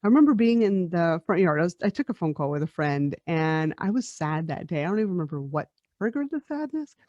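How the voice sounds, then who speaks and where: A woman's voice: on the low side, big pitch swings, a little fast, mellow, dry recording. A woman in her forties, a podcast host and life coach, telling a personal spiritual story in a reflective way, often laughing and repeating words. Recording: dull lo-fi dry recording.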